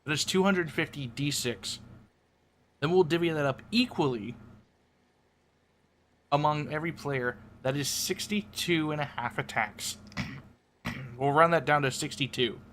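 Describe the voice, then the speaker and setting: A man streaming live, explaining tabletop game rules in a blunt, casual way, swearing and clearing his throat often. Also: mid-range voice, a bit bright, a little hiss or hum.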